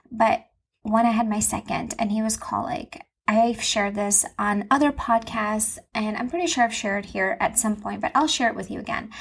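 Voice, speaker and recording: A woman's voice: medium pitch, breathy edge. A woman in her thirties hosting her own podcast from home, speaking in an earnest, confessional way with emphatic repetition. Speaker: podcast host and Christian mom coach. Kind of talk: personal podcast monologue.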